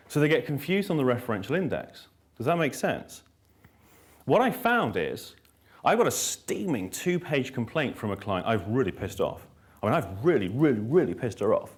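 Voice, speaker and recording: Blunt, emphatic male workshop trainer. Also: mid-range voice. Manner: emphatic and blunt, repeats lines for effect; wry storytelling with dry self-mockery. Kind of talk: live workshop lecture to trainees.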